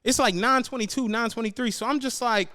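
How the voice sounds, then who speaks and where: A man's voice: very high voice, fairly quick. A man, a podcast co-host telling a long profane story and acting out the people in it. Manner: animated, profane, acts out the people in his story. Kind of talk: casual storytelling chat.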